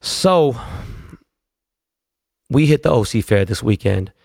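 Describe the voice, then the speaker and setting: A man's voice: medium pitch, lively intonation, takes it slowly, creaky, darkish tone, husky, no room sound, clean studio sound. A man, hosting a casual solo podcast and telling stories in a profane, laid-back way full of slang. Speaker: podcast host.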